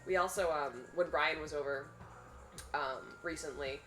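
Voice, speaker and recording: A young woman chatting casually during a charity game marathon, telling stories with animated quoted lines. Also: low voice, normal speed, soft background music, rough recording. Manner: animated storyteller, acts out quotes. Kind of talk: casual chat.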